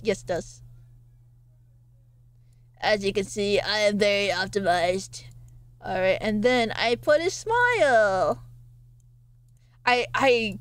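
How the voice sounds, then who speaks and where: A woman's voice: fairly high pitch, dry recording. A woman streaming a game, chatting casually and playfully, rambling with frequent laughs.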